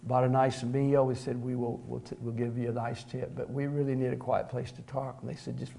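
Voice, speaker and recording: Folksy preacher man, mellow voice. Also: mid-range voice, level tone, brisk, gravelly. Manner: folksy, conversational storytelling with fillers and repeated "he said". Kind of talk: sermon with storytelling.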